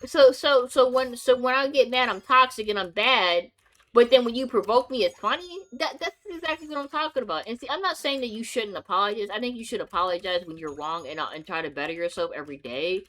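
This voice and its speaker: Young woman streamer going off on a heated rant, bright kinda high voice, swears a lot. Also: brisk. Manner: heated, profane, emphatic with rising outbursts. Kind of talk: casual rant to camera.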